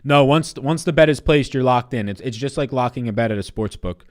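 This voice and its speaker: A man's voice: mid-range voice, brisk, darkish tone. A man in his twenties on a casual live stream, giving fantasy basketball picks and answering chat in a loose, profane way. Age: 20s.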